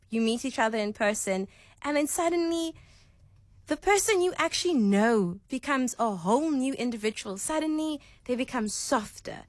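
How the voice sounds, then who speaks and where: A woman co-hosting a radio show in casual chat, telling stories in an animated way. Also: fairly high pitch, no room sound, clean studio sound.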